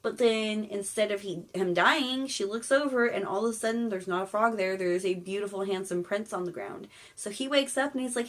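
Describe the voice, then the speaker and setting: A woman's voice: medium pitch, brisk, few pauses. A woman casually retelling an old fairy tale in slangy, irreverent talk that includes swearing. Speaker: storyteller.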